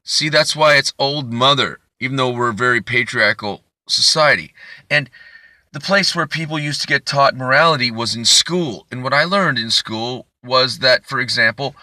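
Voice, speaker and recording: Bright-voiced man ranting profanely. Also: mid-range voice, normal speed, no echo, studio quality. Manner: rambling, profane, indignant. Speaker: comedian. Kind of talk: profane comedic rant.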